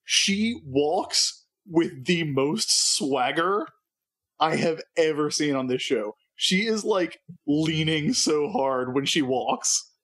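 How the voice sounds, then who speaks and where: A man with a slightly raised pitch co-hosting a casual podcast. He talks in a wry, joking way as he recaps scenes and teases his co-host. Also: animated, slow, a bit bright, breathy edge. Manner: wry, joking, summarizing plot. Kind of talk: casual chat.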